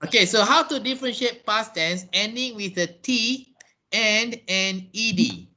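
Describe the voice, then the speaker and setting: A man's voice: sits high, unhurried, sharp tone. Patient Malaysian man teaching English online. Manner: patient, explains step by step. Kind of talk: online class Q&A. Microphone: video call.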